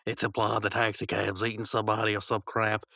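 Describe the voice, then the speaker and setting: A man's voice: on the low side, little pitch movement, fairly quick, gravelly, sharp tone, no echo. A man hosting a podcast, casually recapping a cartoon episode in a rambling way, teasing his co-host and acting out lines.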